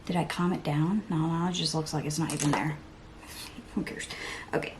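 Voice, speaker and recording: This beauty vlogger talks to viewers while doing her makeup, her low voice fairly even in intonation and moderately paced. She rambles, teases herself, laughs and breaks into playful voices in a chatty get-ready-with-me vlog, with background noise behind her.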